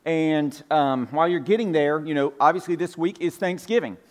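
Speaking to his congregation in a church sanctuary, a Georgia pastor in his forties gives a relaxed, folksy sermon sprinkled with fillers and asides. He has a light Southern accent and a fairly high voice at normal speed, with a big-room sound.

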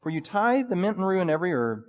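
A man preaching a sermon in a conversational, animated way. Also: sits high, fast. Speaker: pastor. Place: church sanctuary. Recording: long reverb of a church hall.

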